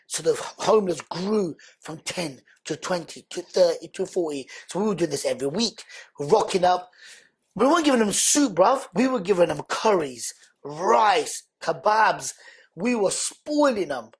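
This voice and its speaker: A man, a guest on a podcast, telling his life story in an earnest, animated, conversational way. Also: high voice, measured pace, slightly rough. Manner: animated, earnest, acts out quoted speech loudly.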